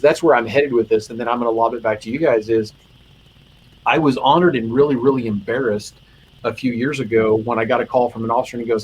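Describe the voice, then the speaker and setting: A man's voice: mid-range voice, a little hiss or hum, poor audio. A male chaplain telling heartfelt stories in a casual conversation, earnest and emotional, with lots of restarts. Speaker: guest chaplain.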